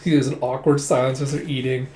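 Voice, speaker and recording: A man's voice: mid-range voice, level tone, quick pace, warm tone, slight background noise. A man casually recapping a story in a chatty, loose way with fillers, recorded in an echoey room. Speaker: manga reviewer. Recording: roomy echo.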